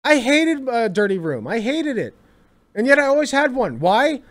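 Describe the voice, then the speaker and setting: A man's voice: very high-pitched, very animated, moderate pace, fairly bright tone. A young man giving casual reaction commentary, exasperated, swearing freely and repeating himself for emphasis.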